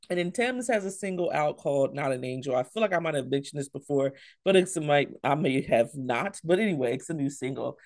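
A woman co-hosting a podcast in casual, joking chat, with loud laughs and speech. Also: low voice, dry recording, clean studio sound. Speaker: podcast co-host.

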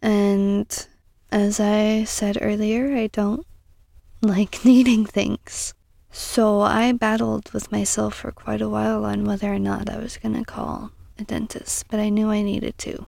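A young woman hosting a casual self-help podcast, earnest and encouraging, sometimes dropping into soft whispery asides. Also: medium pitch, level tone, measured pace, vocal fry, dry recording. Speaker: podcast host.

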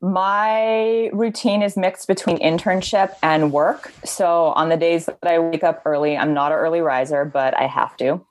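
A young adult woman from Hawaii, a podcast guest talking openly and reflectively in a relaxed interview. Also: lowish voice, moderate pace, hardly any pauses, no room sound. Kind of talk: casual conversational interview.

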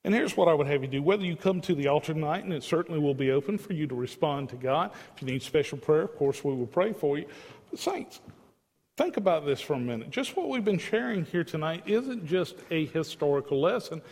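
A man's voice: fairly high pitch, animated, brisk, darkish tone. Earnest preacher man, long church reverb. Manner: earnest, emphatic preaching with pleading asides. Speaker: pastor. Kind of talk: evening sermon. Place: church sanctuary.

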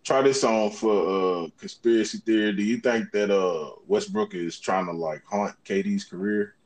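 A man's voice: lowish voice, moderate pace. A man co-hosting a podcast in rambling, slangy casual chat. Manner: rambling, slangy, keeps saying "you know what I'm saying".

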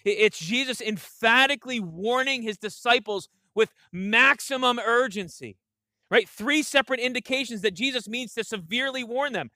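A man's voice: extremely high pitch, moderate pace, pushed and bright, no room sound, clean studio sound. A man preaching a sermon, earnest and emphatic, often repeating himself and checking in with "right?". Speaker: pastor.

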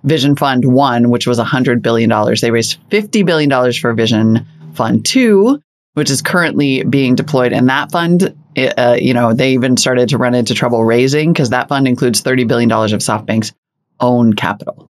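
A woman's voice: extremely low pitch, animated. Wry middle-aged woman reading business news. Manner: brisk, wry listing of figures. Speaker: podcast co-host. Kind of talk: casual chat with news rundown.

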